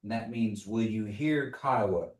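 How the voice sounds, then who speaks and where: A man teaching a language class, slowly drilling words for the class to repeat. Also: on the low side, a little mellow. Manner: patient, slow drilling of words for repetition. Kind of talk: live in-person language lesson. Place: classroom streamed online. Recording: echoey room.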